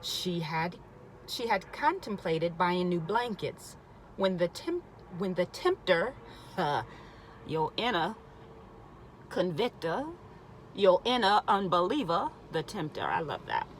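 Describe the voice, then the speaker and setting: A woman's voice: fairly low pitch, very animated, slow, slight background noise, low-quality recording. Emphatic woman reading a spiritual book. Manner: emphatic, stops to repeat and comment. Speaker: reader.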